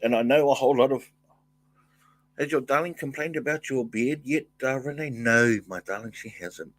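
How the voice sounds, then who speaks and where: An older man hosting a casual livestream, thanking viewers and reading their comments, talking in halting bursts with many fillers and restarts. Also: medium pitch, no echo. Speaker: livestream host.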